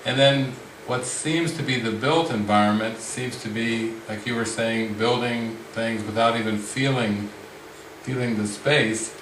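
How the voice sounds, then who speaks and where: A man leading a spiritual retreat discussion, speaking slowly and reflectively with frequent restarts. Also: mid-range voice, fairly even intonation, background noise. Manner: slow, reflective, many restarts. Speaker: spiritual teacher. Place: retreat room with a group. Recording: roomy sound from the mic's distance.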